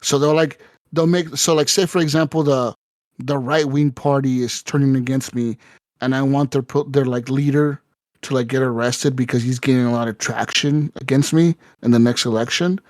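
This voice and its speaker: A man's voice: mid-range voice, steady tone, normal speed, a little mellow, no echo, clean studio sound. A man co-hosting a casual gaming podcast, telling a rambling, profane story with lots of fillers and acted-out quotes. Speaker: podcast co-host.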